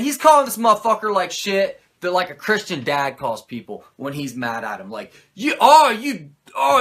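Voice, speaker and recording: Man impersonating a blustering muscleman wrestler, stammering, childish insults, loud, lively pitch. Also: exaggerated voice. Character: blustering male muscleman wrestler scolding a giant.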